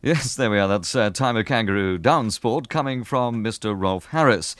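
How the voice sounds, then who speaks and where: A man presenting a radio show, introducing archive clips with brisk, plain links. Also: fairly low pitch, fairly bright tone. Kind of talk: radio link announcing.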